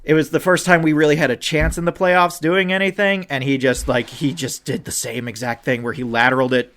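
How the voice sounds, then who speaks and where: A man co-hosting a podcast, ranting about football with an animated, swearing delivery that climbs toward near-shouts when he gets upset. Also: a little high, brisk. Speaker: podcast co-host. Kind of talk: ranting sports chat.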